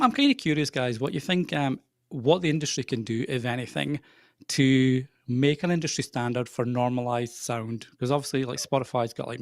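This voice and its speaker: Middle-aged Scottish man, softened accent, easygoing guest, close dry mic. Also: medium pitch, no room sound. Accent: soft Scottish. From Scotland. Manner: laughs easily, friendly. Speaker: podcaster guest. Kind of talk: casual live chat.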